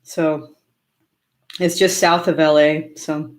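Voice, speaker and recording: A woman's voice: low voice, flat delivery, slow. Chatty woman hosting a casual live stream. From Orange County, California. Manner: chatty, laughs often, many fillers. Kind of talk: casual live-stream chat answering viewer comments.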